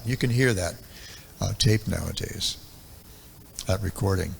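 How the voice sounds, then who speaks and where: A low-voiced man in his seventies gives a devotional lecture, recalling old memories in an unhurried, reflective way. His voice has a gravelly texture, and his talk is full of ums and uhs. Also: fairly bright tone, slight background noise. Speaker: temple speaker.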